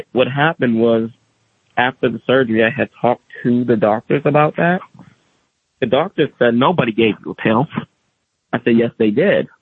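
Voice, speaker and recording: A man casually tells his own story, animatedly acting out other people's voices along the way. His voice is husky and mid-range, with no echo, and the audio sounds tinny, like a phone or radio.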